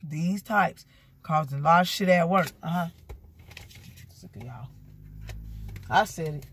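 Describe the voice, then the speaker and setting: A woman giving a casual tarot card reading, sassy and animated, talking straight to her viewers. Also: deep voice, a little slow, a little hiss or hum. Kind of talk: casual spiritual reading vlog.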